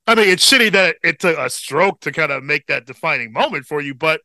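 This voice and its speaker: A man in his thirties co-hosting a casual podcast chat, relaxed and profane, with a slight tickle in his throat. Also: fairly high pitch, brisk, no echo. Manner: laid-back, profane, chuckles often. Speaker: podcast co-host.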